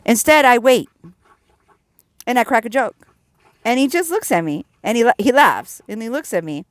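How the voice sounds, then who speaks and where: A woman sharing a personal faith testimony in an earnest, animated storytelling way, dropping low and soft at serious moments. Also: moderate pace, pauses often, dry recording. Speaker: Christian vlogger sharing testimony.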